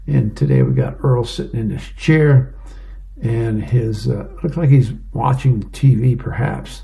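A man's voice: medium pitch, measured pace, creaky, warm tone. A man casually reading an advice column and newspaper comics aloud, describing each panel with small fillers.

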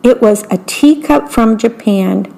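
A woman reading a picture book aloud, slowly and carefully, pausing to describe the pictures. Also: on the high side, creaky, warm tone. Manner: slow, careful, describes the pictures between passages. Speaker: storyteller.

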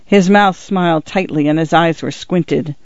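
A man narrating a story in a steady, even audiobook reading. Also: on the high side, unhurried, no echo. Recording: dull, lo-fi dry recording.

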